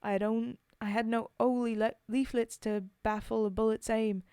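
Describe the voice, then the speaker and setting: A woman's voice: mid-range voice, flat delivery, measured pace, warm tone, clean tone, dry recording, studio quality, natural voice. A woman reading a poem aloud as a boastful male gambler soldier, in a put-on accent and a theatrical recital manner. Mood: dramatic. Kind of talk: dramatic poetry reading.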